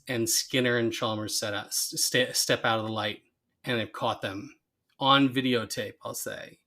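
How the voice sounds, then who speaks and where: A man's voice: medium pitch, measured pace. A man co-hosting a podcast, casually recapping a cartoon episode and acting out quoted lines. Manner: animated retelling with quoted lines. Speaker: podcast co-host.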